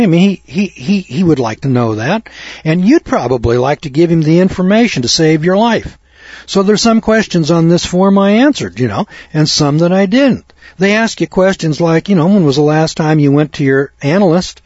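A man's voice: fairly high pitch, lively intonation, moderate pace, darkish tone, husky, dry recording. A cocky man telling a ranting story in a folksy monologue, acting out both sides of a conversation. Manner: cocky, ranting, mimics others in quotes. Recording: dull, slightly lo-fi dry recording.

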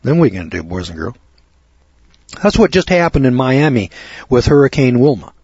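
A man's voice: mid-range voice, big pitch swings, brisk, a little mellow, husky, no echo. A man hosting a radio talk show, delivering a rambling, preachy monologue that builds to emphatic lecturing. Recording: dull lo-fi dry radio audio.

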